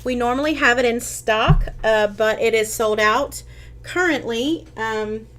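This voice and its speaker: Her voice is a bit bright, a little high, and slightly slow as she runs a relaxed craft tutorial on a live stream. She chats with viewers and responds to their comments, with plenty of ums and false starts.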